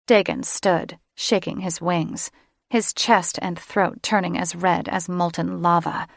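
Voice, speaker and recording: A woman's voice: steady tone, takes it slowly, vocal fry, no room sound, studio quality. A woman narrating a fantasy audiobook in scripted style, giving the characters their own voices. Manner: voices each character with shifts in pitch and loudness.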